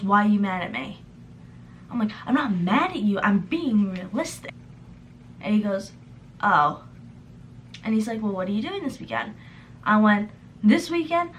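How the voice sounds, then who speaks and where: Young woman, vlogger, storytime tale, animated retelling, medium-pitched voice, faint background hiss. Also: moderate pace. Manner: animated retelling, acting out quoted texts. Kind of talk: storytime vlog.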